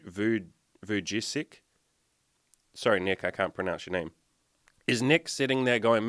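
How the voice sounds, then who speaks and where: A dating and life coach delivers a fired-up motivational rant, blunt and full of constant swearing, while sharing his screen on a desktop mic. His voice is lowish and fairly bright, with clean studio sound and no echo.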